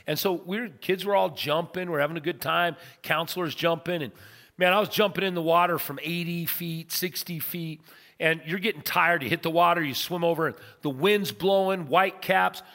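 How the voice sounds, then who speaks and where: Middle-aged male pastor, slightly high voice, dramatic sermon delivery, long hall echo. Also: moderate pace. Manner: dramatic storytelling with big swings from loud to soft. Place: church sanctuary.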